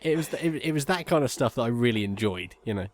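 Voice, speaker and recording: A man, co-hosting a podcast, chatting casually with halting restarts. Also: mid-range voice, lively intonation. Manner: halting, stumbling restarts, laughs into lines. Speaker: podcast co-host. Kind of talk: casual chat. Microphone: remote call mic.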